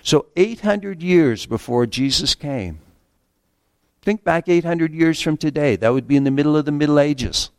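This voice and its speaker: Guy preaching, kinda high voice, earnest, slows way down for scripture, dry close sound. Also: lively intonation, a little mellow, clear, resonant tone, no echo. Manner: earnest, slows down to read scripture, repeats words at restarts. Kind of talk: sermon.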